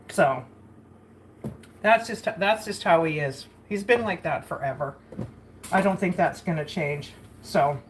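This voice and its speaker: A woman's voice: lowish voice, a little hiss or hum. A woman chatting casually while cooking in her home kitchen for a vlog, rambling and laughing often. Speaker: vlogger.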